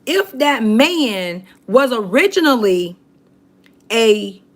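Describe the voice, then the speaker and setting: A woman with a fairly high, sing-song voice speaks slowly as she hosts a livestream. She chats casually with her viewers and reads their comments aloud in a chatty, emphatic manner.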